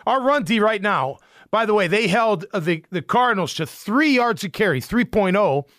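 A man hosting a casual sports podcast, ranting in an animated, exasperated way and often repeating himself. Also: high voice, normal speed, dry recording, studio quality.

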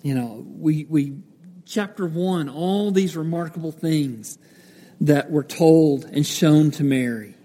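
A pastor giving a sermon, teaching from the Bible in a conversational way, with fillers and self-corrections. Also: male voice, a little high, slow pace, mellow. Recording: echoey hall with long reverb.

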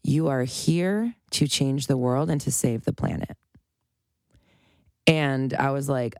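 A woman's voice: rumbling low, takes it slowly, pauses often, darkish tone, no echo, studio quality. A woman around forty gives an unscripted motivational monologue as a life coach, emphatic and profane, often breaking into laughter.

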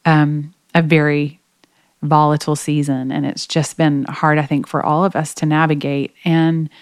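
Woman, low voice, smooth, earnest storytelling, podcast guest, dry close sound. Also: level tone, moderate pace, dry recording. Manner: earnest, emotional retelling with many fillers. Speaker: guest, singer. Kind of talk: conversational faith podcast storytelling.

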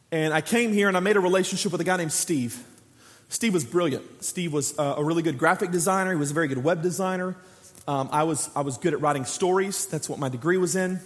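High-voiced man preaching a sermon. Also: long reverb tail. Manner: lively storytelling preacher who acts out quoted dialogue. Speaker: pastor.

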